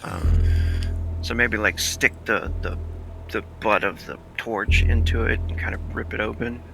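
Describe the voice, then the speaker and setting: A man playing a tabletop game, hesitant and thinking out loud. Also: on the low side, a little slow, vocal fry, music in the background, rough recording. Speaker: player. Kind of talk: casual chat.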